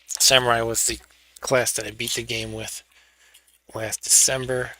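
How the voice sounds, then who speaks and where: A man's voice: medium pitch, flat delivery, unhurried, bright, forceful tone, dry recording. A man hosting a live gaming stream, chatting casually and narrating each step as he sets up and plays. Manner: chatty, narrates his own setup steps. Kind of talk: casual gameplay commentary.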